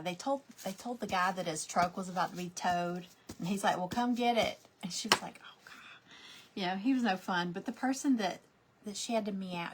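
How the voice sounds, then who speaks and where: A woman talks through a crafting session, telling a rambling story with fillers and restarts. Her voice sits at an ordinary middle pitch for a woman. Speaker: crafting vlogger. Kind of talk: casual chat while crafting.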